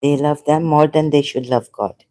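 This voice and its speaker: A woman's voice: low-pitched, fairly even intonation, moderate pace, dark tone. A woman talking in an unscripted monologue as an online commentator, impassioned and rambling, often repeating herself.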